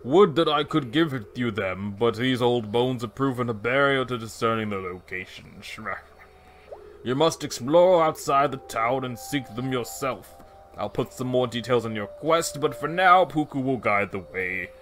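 A man voicing a serious old male sword keeper in a game playthrough, speaking in a formal, measured way. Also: mid-range voice, lively intonation, a bit bright, slight background noise, close to an everyday voice. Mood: grave. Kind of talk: video game voice acting.

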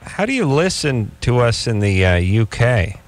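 A man hosting a radio call-in show, telling stories and ribbing callers in sarcastic, animated banter. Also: medium pitch, moderate pace, dry recording.

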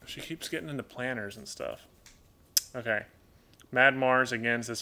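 Reading chat messages aloud and talking to his pet birds, a raspy-voiced man hosts a casual live Q&A from home in a loose, rambling style. His mid-range voice keeps a fairly even intonation at a moderate pace, and it sounds sharp.

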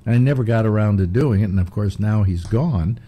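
A man's voice: fairly low pitch, a little fast, mellow, husky. An older man hosting a casual chat, rambling through stories with many restarts. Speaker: host.

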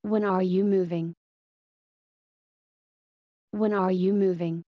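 A woman's voice: medium pitch, steady tone, takes it slowly, no echo, muffled recording. A woman reading short everyday English phrases for learners, each one twice, carefully enunciated.

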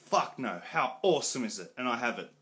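A man talking excitedly in a home unboxing vlog, loud, swearing and repeating himself. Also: mid-range voice, a little fast. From Australia. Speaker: collector showing off a box set. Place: room at home.

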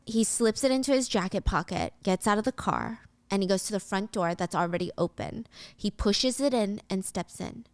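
A woman's voice: mid-range voice, normal speed, no echo. A young woman host casually retelling a film plot scene by scene, with vivid detail. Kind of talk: casual storytelling recap.

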